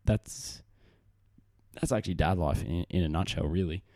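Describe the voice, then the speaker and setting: A young Australian man hosts a casual solo podcast, rambling and poking fun at himself with lots of restarts and fillers. His voice sits low and mellow at a normal speed, caught cleanly in the studio on a desk microphone on camera with no echo.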